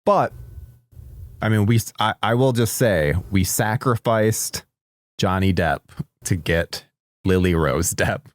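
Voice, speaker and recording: A man's voice: lowish voice, slow pace, no echo. A man co-hosting a podcast, joking and laughing often as he talks casually about a movie. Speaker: podcast co-host. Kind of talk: casual movie-discussion chat.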